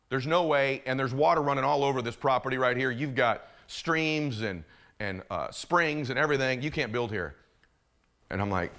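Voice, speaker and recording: A middle-aged man giving a motivational keynote, telling a story with animated delivery and acting out the other people in it. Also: medium pitch, a little fast. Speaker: motivational speaker.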